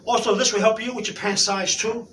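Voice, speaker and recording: A man demonstrating an exercise while out of breath, giving halting, repetitive instructions and often checking in with "okay?" in an indoor room. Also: sits high, flat delivery, fairly bright tone, distant mic, slight background noise. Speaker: exercise video maker.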